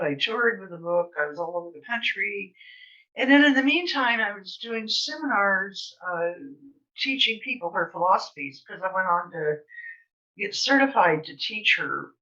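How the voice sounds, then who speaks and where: A woman's voice: medium pitch, expressive, measured pace, bright, forceful tone. An older woman telling stories in a chatty, rambling way, full of fillers, as a guest speaker. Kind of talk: casual storytelling. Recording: slightly distant, dull sound.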